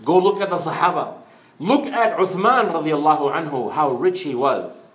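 A man's voice: on the high side, animated, normal speed, echoey room. A man preaching an Islamic sermon in an earnest storytelling manner, mixing in Arabic phrases.

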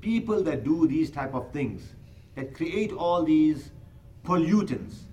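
A man's voice: fairly high pitch, big pitch swings, takes it slowly, dark tone, distant mic, muffled recording, slight background noise. A man giving a sermon that explains Quran verses, speaking rhetorically, acting out everyday scenes and reciting Arabic verses. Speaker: Islamic preacher.

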